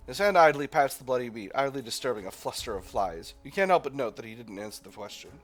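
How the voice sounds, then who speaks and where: Man, game host, reads text aloud, thinks out loud, lively pitch, faint music behind. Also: fast talker, hardly any pauses. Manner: thinks aloud, hesitant restarts. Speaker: gaming channel host. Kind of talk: let's play narration and reading aloud.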